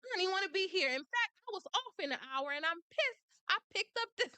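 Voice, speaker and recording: Annoyed tired on-call officer, a woman putting him on, bright and high. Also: lively intonation, quick pace, dry recording, exaggerated voice. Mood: fed up. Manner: weary and irritated. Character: fed-up on-call officer, a grown man.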